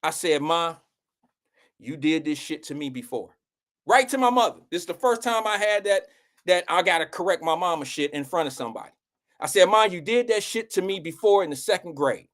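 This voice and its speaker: A man's voice: high-pitched, brisk. A young man, telling a personal story to his audience as a show host and acting out the quotes. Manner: animated, acts out quotes with raised voice.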